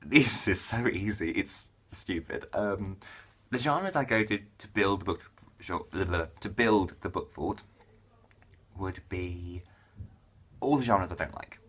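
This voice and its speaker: A man's voice: low-pitched, unhurried, a bit bright, breathy edge. A young man from England chatting casually and jokily to camera as a book vlogger, often cutting himself off mid-word. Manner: chatty, jokey, self-interrupting. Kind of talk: casual vlog chat.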